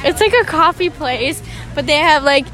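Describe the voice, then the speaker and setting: A woman chatting casually as a podcast guest, quick and incredulous. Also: sits high, expressive, over music, crowd noise. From Canada. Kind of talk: casual chat.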